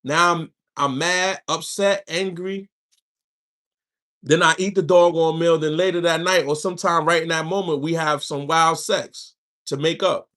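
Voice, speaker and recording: A man's voice: a little high, fairly even intonation, measured pace, pushed and bright. A man hosting a livestream, giving casual spiritual advice and telling stories with slang and asides to his viewers. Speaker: livestream host.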